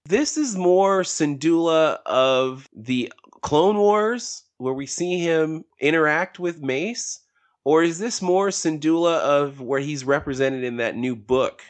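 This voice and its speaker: A man co-hosting a casual podcast discussion, who rambles with animated emphasis. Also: on the high side, slow. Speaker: podcast co-host.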